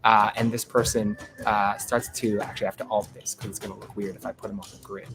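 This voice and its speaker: A man running a tabletop game as game master, narrating in a halting, chatty way full of "uh" fillers. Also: fairly low pitch, level tone, music in the background.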